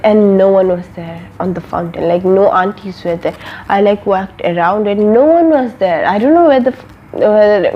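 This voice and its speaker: A young woman from an Arab country tells a personal story at an unhurried, drawn-out pace, her words wandering through fillers and restarts. Her voice sits at an ordinary middle pitch. The recording is dull and a little lo-fi. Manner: rambling, filler-heavy, many "like"s and restarts. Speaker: vlogger. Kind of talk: casual storytime.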